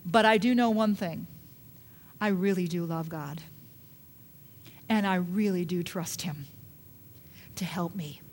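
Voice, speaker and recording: A woman's voice: mid-range voice, a little slow, long pauses, a little mellow, a little hiss or hum. A woman pastor preaching a sermon, emphatic, with repeated rhetorical questions.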